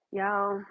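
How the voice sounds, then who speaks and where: A woman streaming live from her home kitchen at night, chatting casually with viewers and talking to her dogs. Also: mid-range voice. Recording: tinny phone-like sound.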